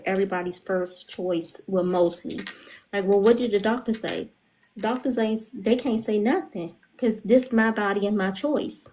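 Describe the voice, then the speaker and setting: A woman's voice: medium pitch, a little mellow, low-quality recording. A woman speaking candidly on a podcast, telling an emotional personal story and often quoting her own words. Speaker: guest. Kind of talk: podcast interview.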